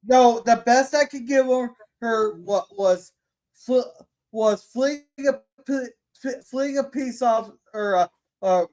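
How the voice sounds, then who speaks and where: A man's voice: extremely high pitch, slow pace, a little mellow. A man hosting a casual podcast, talking bluntly with lots of swearing and stumbling restarts. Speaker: podcast host. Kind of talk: casual opinionated chat.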